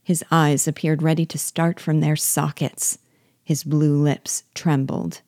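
A woman reading a classic novel aloud in a slow, measured way, as a reader guiding her listeners. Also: sits low, flat delivery, dark tone, dry recording, studio quality. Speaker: reader and teacher.

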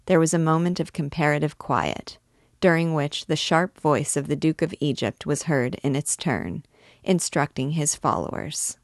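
A woman reading a classic novel aloud in a measured, expressive way. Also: deep voice, no room sound, studio quality. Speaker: reader and guide.

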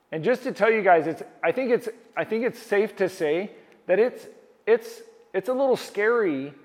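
Man, pastor, sermon, earnest, repeats phrases, fairly high voice, long hall reverb. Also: a little mellow.

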